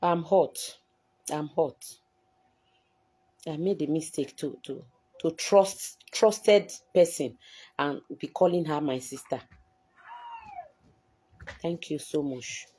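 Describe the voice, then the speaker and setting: Husky, slow-talking Nigerian Pidgin woman. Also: sits low, mellow. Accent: Nigerian Pidgin English. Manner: defensive, aggrieved, replying to viewers. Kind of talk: emotional live-stream talk.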